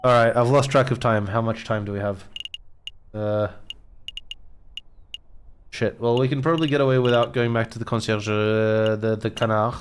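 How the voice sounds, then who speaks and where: A man's voice: on the low side, steady tone, normal speed, pauses often, a little hiss or hum. A man streaming a game, giving offhand, muttering commentary. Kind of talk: casual let's-play commentary.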